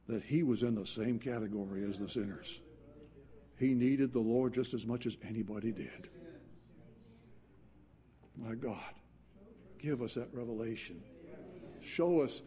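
Husky-voiced man preaching a sermon. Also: mid-range voice. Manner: earnest, swings between quiet intensity and raised urgent passages.

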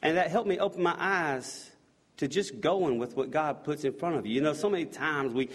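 A man's voice: on the high side, normal speed, husky. A middle-aged man giving an earnest personal testimony, telling his story in a loose, conversational way with frequent restarts. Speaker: volunteer sharing his faith story.

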